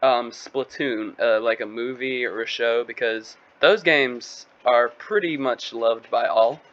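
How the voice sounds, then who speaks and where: A man's voice: medium pitch, slow pace, fairly bright tone. A man co-hosting a casual podcast, giggly and loose, hesitating with fillers. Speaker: podcast co-host. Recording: muffled lo-fi audio with faint hiss.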